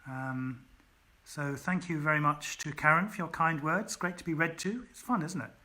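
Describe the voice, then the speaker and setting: With a slightly high, pushed and bright voice at a moderate pace, this author reads his story on a livestream from home during lockdown. Afterward he talks casually with the audience, heavy on the ums, and thanks viewers by name.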